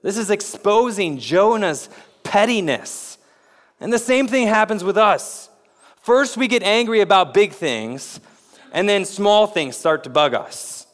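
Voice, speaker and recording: A man preaching a sermon as pastor, with dramatic delivery that rises to emphatic peaks and drops low. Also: animated, a little slow, long reverb tail.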